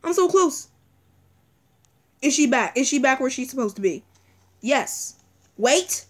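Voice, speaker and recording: A young woman talks through a tense video game in a high, bright voice. Her pitch leaps around constantly as she pleads with the game and repeats herself. It sounds like casual, anxious let's-play commentary. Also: animated, measured pace. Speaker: gaming video creator.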